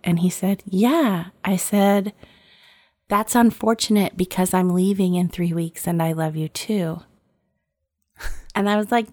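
A woman's voice: mid-range voice, unhurried, dry recording, clean studio sound. A woman in her forties telling a personal story in casual conversation, acting out the dialogue and laughing often. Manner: lively storyteller who acts out quoted dialogue and laughs often.

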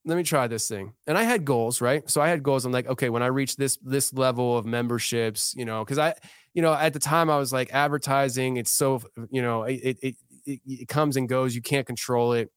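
A man in his thirties talks as a guest on a podcast, sharing a story in an earnest, heartfelt way. His sentences often start over as he works through his thoughts. His voice is clear and smooth, recorded dry and close in a studio. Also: mid-range voice, steady tone, brisk, no room sound. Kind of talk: casual podcast conversation.

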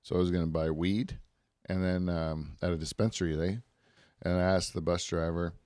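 A man with a somewhat low voice tells rambling, profane stories in a loose, casual way. He laughs often as he talks. The recording is close and dry, with no room sound. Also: level tone, normal speed, darkish tone, no echo. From Canada. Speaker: podcast co-host. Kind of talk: casual chat.

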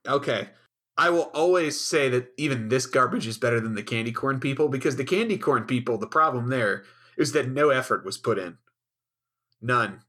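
Husky man with crude, biting jokes. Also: mid-range voice, animated, normal speed, a bit bright. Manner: crude, biting, profane humor. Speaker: podcast co-host. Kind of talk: casual comedic show recap.

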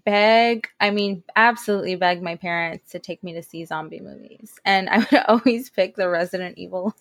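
A woman's voice: lowish voice, a little fast, dry recording. A woman co-hosting a casual podcast, chatting and laughing easily. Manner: laughs easily, relaxed reactions. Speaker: podcast co-host. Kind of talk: casual chat.

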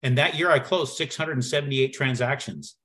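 A man telling a personal story as a podcast guest, acting out the dialogue with lively shifts in his voice. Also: mid-range voice, brisk. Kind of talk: storytelling in conversation.

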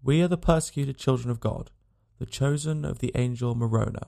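Man reading as a devout young pilgrim, stern, formal, gravelly. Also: medium pitch, a little fast, warm tone, lightly acted. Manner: solemn, formal.

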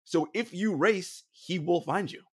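A podcast host in casual conversation, murmuring along often and laughing easily. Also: male voice, high-pitched, a little slow, husky.

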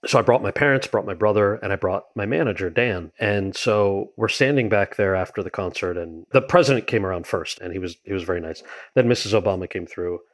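A man, an actor and writer, telling a story in an interview, acting out quoted lines with jumps in pitch and mocking himself, with fillers and restarts. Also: fairly quick. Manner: self-deprecating, many fillers and restarts.

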